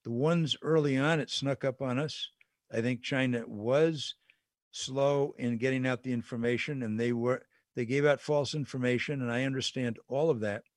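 A man's voice: mid-range voice, fairly even intonation, normal speed, no echo, clean studio sound. A man hosting a call-in radio show, talking in a conversational, earnest way with some stumbles. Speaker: radio talk show host.

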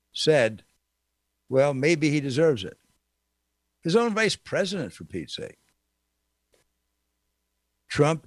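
A man hosting a political talk show, delivering an opinionated monologue in an indignant, sarcastic way with sudden high exclamations. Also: no room sound, studio quality.

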